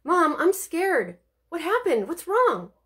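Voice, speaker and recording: A woman's voice: very high voice, big pitch swings, very slow, fairly bright tone, pitched above the performer's own voice, full character voice. A woman reading aloud and voicing a young girl who is jumpy and frightened, asking pleading, breathless questions.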